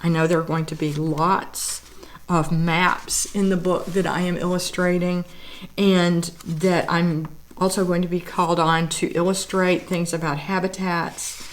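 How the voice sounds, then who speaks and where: A woman's voice: lowish voice, flat delivery, a little slow. Woman, teary, gushing, casual book show-and-tell, lingering praise. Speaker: artist and vlogger.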